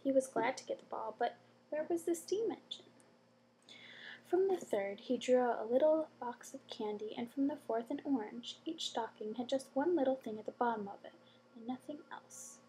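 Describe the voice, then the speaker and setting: A woman reading a bedtime story aloud with gentle expression and soft whispered asides. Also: high voice, moderate pace, a little hiss or hum, rough recording.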